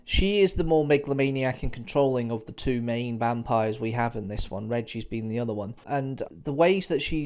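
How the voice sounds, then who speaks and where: A man's voice: mid-range voice, darkish tone. A man giving a casual spoken review of an audio drama, chatty and enthusiastic, often circling back to the same phrases. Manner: chatty, enthusiastic, repeats "nice little" and "interesting".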